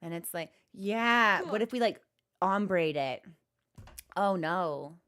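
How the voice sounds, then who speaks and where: A woman's voice: lowish voice, animated, slow pace, fairly bright tone, smooth. A young woman streamer in casual chat, rambling with many fillers and restarts.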